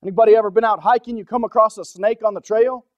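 A man preaching a sermon in an earnest, conversational way, often asking the congregation questions and shifting between soft, low-key passages and urgent emphasis. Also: fairly even intonation, fast talker, no echo, highs cut off. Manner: drops to a soft, low-key delivery for stretches, then rises with urgency.

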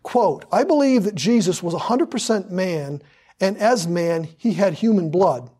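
A man's voice: high-pitched, animated, measured pace, dark tone, slightly rough. A man preaching a sermon with fervor, hammering points through repetition and drawing out scripture for emphasis.

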